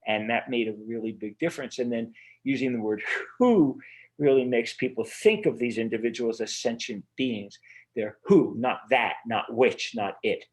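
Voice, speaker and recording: In a casual interview held over a remote video call, a man being interviewed as an author talks earnestly at a moderate pace in a mid-range voice. His speech rambles, with many fillers and restarts.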